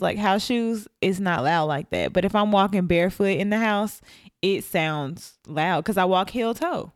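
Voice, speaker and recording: A woman's voice: mid-range voice, a little slow, no room sound, studio quality. A sleepy woman co-hosting a casual podcast with her husband, easygoing and often laughing. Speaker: podcast co-host. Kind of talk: casual chat. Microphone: studio mic.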